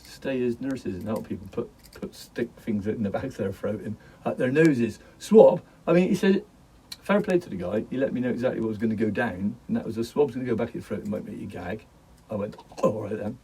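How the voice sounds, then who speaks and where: A middle-aged man rambles through a casual vlog, joking and laughing as he drifts between topics. His voice is mellow and slightly husky. He sits a bit back from the microphone. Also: mid-range voice, recorded from a distance, rough recording. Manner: jokey, laughs often, wanders off topic. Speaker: vlogger.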